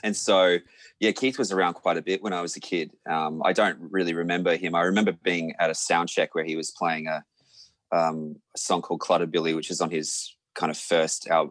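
A young Australian man, a musician, telling a lively anecdote in a casual interview, full of fillers and restarts. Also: low-pitched, a little fast, no echo. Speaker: musician guest.

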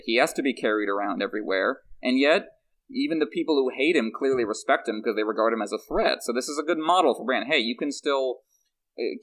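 A man co-hosting a podcast, talking through a book chapter in casual, animated analysis with frequent restarts. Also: medium pitch. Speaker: podcast co-host.

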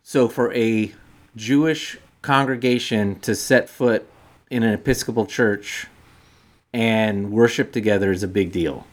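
A man's voice: fairly low pitch, measured pace. A man co-hosting a podcast in casual chat, explaining a point at length and restarting sentences as he thinks aloud. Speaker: podcast co-host.

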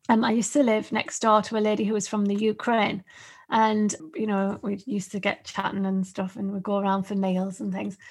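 A woman in her fifties chats on a podcast with a husky, breathy voice pitched a little high. She tells her stories in a lively, talkative way and laughs often. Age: 50s. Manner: chatty storyteller, laughs often. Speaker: podcast host. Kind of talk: casual podcast chat.

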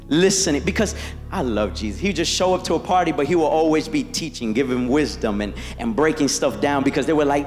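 A man preaching a sermon, animated and playful, acting out biblical voices for the congregation. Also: a little high, fairly quick, long reverb tail, soft background music.

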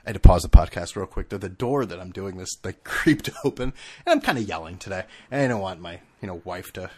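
A man in his thirties hosts a solo podcast from home and rants with profane sarcasm. His voice is husky, and his pitch swings widely as he gets heated and stumbles over restarts. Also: lively intonation, fairly quick. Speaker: podcast host. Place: room at home.

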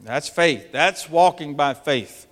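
A man preaching a sermon to church planters, animated and dramatic, acting out anxious prayers in sudden bursts. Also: on the high side, slow pace. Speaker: pastor. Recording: long reverb of a large hall.

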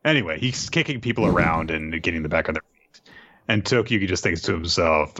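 A man's voice: deep voice, lively intonation, a little fast, bright, forceful tone, no echo, lo-fi sound. A man co-hosting a podcast, casually recapping a story arc with wry asides. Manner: laid-back, wry asides. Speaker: podcast co-host.

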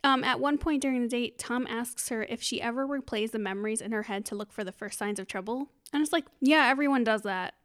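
A woman's voice: on the high side, fairly quick, few pauses, a bit bright. A young woman in casual conversation recapping a film, blunt and outspoken, swearing freely. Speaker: podcast co-host.

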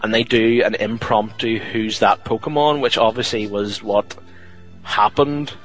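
A man's voice: lowish voice, steady tone, a little slow, faint music behind, low-quality recording. A man co-hosting a podcast, chatting casually and rambling through a film review with many fillers. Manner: rambling, filler-heavy, exasperated sighs. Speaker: podcast co-host.

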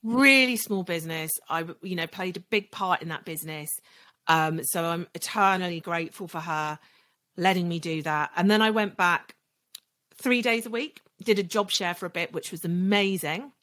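A woman in her forties, a podcast guest telling her own story candidly, her voice dropping soft when she recalls hard moments. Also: fairly low pitch, moderate pace. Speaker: podcast guest, legal marketer.

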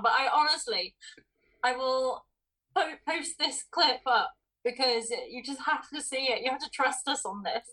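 A woman's voice: high voice, measured pace, sharp tone, poor audio. A woman, co-hosting a film podcast in casual chat, laughing often. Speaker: podcast co-host.

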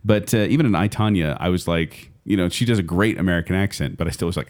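A man's voice: low-pitched, quick pace, a little mellow. A man hosting a podcast, chatting casually and enthusiastically. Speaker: podcast host. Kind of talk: casual chat.

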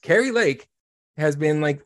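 A man's voice: a little high, expressive, unhurried, no echo, studio quality. A man on a casual podcast, talking bluntly with lots of profanity, ranting in a way of speaking.

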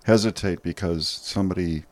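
A man hosting an interview who asks measured, probing questions. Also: sits low, dry recording. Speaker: podcast host.

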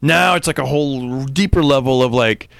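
A man who is a stand-up comedian, telling stories in a rapid, animated way in casual chat. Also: medium pitch, gravelly, dry recording. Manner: rapid, animated storytelling with voices.

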